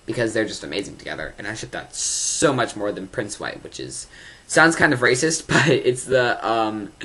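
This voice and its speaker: A young fan reviewing a TV episode in a casual vlog, rambling excitedly with lots of fillers and laughs. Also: medium pitch.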